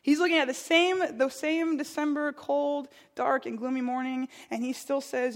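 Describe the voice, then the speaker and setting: A woman's voice: sits high, fairly even intonation, normal speed, hardly any pauses. A young woman preaching a conversational sermon, earnest, telling stories and repeating her phrases for emphasis.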